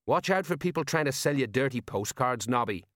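A man voicing a gruff, blustering middle-aged male city-watch sergeant in a storybook reading. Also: medium pitch, expressive, brisk, fairly bright tone, no room sound, studio quality, voice pushed up, lightly acted. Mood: grumbling.

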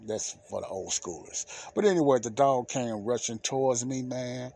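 With a medium pitch, a moderate pace, and some vocal fry, a man hosting a podcast recounts a personal story. He's casual and animated, repeating himself and using everyday slang.

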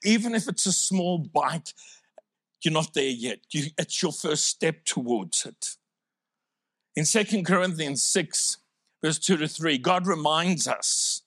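A man's voice: a little high, lively intonation, takes it slowly, a bit bright, dry recording, studio quality. A man from South Africa with a South African accent, preaching a sermon in a conversational, humorous way. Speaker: pastor.

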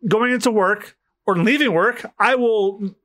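A man's voice: high voice, a little slow, a bit bright. A man hosting a podcast, reading comic pages aloud, acting out lines and swearing casually. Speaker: podcast host. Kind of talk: casual read-along of a comic.

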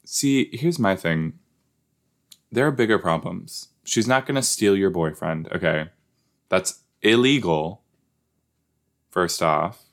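A man's voice: deep voice, lively intonation, slow, pauses often. A man casually commenting while watching a show, rambling and joking, sometimes repeating lines in silly voices. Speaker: podcast host watching a show. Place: at a table indoors.

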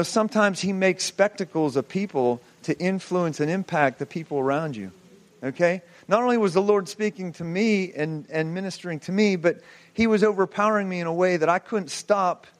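Preaching with passion, a high-voiced man in his forties tells his personal testimony, weaving in rhetorical questions as he recounts his story.

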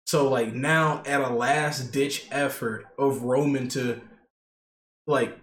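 A man's voice: medium pitch, steady tone, takes it slowly, a bit bright. Rambling man in an echoey room. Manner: rambling retelling, heavy use of "like" and "basically". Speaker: podcast co-host. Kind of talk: casual chat. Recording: echoey room with faint noise.

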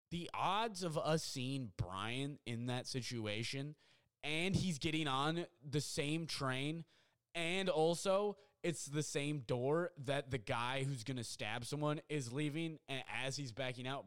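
A young man records a solo podcast at home and talks through a story in a loose, rambling way. His voice sounds smooth and resonant, and his pitch sits in the middle of the male range. He keeps piling on fillers and gets excited as he goes. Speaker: podcast host. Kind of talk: casual storytelling monologue. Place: apartment at home.

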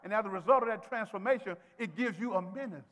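A high-pitched preacher man delivering a call-and-response sermon. His voice swings from soft asides to ringing shouts, with a long reverb from the church sanctuary. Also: fast talker. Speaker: pastor.

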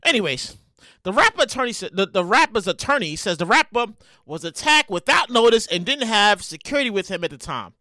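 High, lively-voiced man ranting on a podcast. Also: brisk, no room sound, studio quality. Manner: animated, profane, frequent restarts and repeated phrases; bursts into loud acted-out reenactments. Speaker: podcast host. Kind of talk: solo casual commentary.

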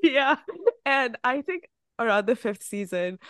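A chatty woman hosting a podcast, with a voice pitched a little high. She tells stories animatedly and laughs often, recorded dry and close. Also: lively intonation, unhurried, a bit bright, clean tone, dry recording. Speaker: podcast host. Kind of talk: casual interview chat.

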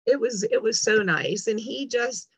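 A woman's voice: on the high side, measured pace, slightly rough, no room sound, rough recording. A woman telling a long story in casual chat, acting out the lines of people she quotes. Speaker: guest.

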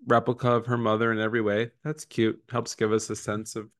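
A man's voice: lowish voice, completely flat delivery, brisk, fairly bright tone. A man co-hosting a podcast in casual chat, self-deprecating and laughing often. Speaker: podcast co-host.

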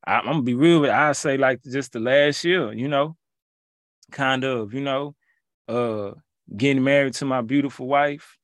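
A man in his thirties preaching devotionally, fervently chanting a name in call-and-response, then turning reflective and personal with soft laughs. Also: mid-range voice, moderate pace, no room sound. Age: 30s.

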